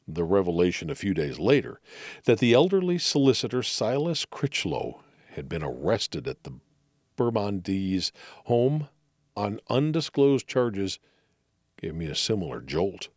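Expressive male audiobook narrator. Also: lowish voice, unhurried, dry recording, clean studio sound. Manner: expressive storytelling.

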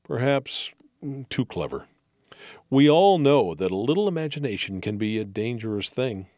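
A man narrating an audiobook of mystery stories in an expressive storytelling manner, close to the mic. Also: medium pitch, normal speed, dry recording.

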